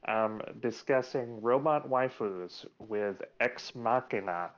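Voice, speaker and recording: A man's voice: medium pitch, slow pace. Laughing man on muffled lo-fi audio. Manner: rambling, laughing, many fillers. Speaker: guest filmmaker. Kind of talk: casual podcast chat.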